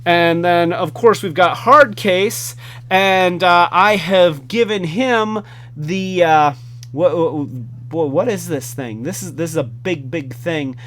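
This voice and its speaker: A man's voice: sits high, slow pace, fairly bright tone, slight background noise. A man hosting a casual hands-on toy review, enthusiastic and rambling. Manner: enthusiastic, rambling with fillers and restarts.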